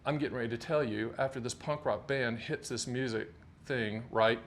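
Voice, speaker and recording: A man's voice: mid-range voice, normal speed, slight background noise. Jokey, emphatic middle-aged male host. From North Carolina, US. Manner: jokey, animated, emphatic repetition. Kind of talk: casual talk to camera.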